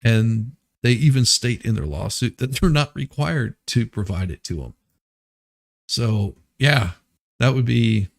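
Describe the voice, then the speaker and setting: A man's voice: mid-range voice, a little slow, vocal fry. A man hosting a casual news commentary stream, rambling and restarting his sentences as he laughs at absurd claims. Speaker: host.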